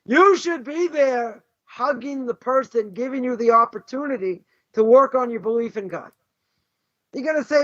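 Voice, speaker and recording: His voice very high-pitched and a bit bright, a Boston rabbi leads a class at normal speed through an animated Torah lesson. He's emphatic, leaning on rhetorical questions and constant "right?" and "you know," and the dry recording is dull and lo-fi.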